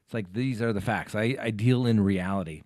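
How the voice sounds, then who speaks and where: A man hosts an interview in a casual, conversational way, often repeating words as he gathers his thoughts. His voice sits fairly low, and the sound is dry and close. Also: brisk, a little mellow, no echo. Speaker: host, trial attorney.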